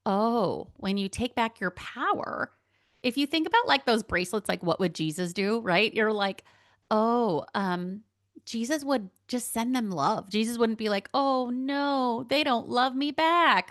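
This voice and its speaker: A woman's voice: medium pitch, fairly bright tone, no echo, studio quality. A woman hosting a podcast, talking candidly and casually about her own life, with frequent laughs and fillers. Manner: chatty, candid, laughs often, many fillers. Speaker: podcast host. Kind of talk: casual spiritual monologue.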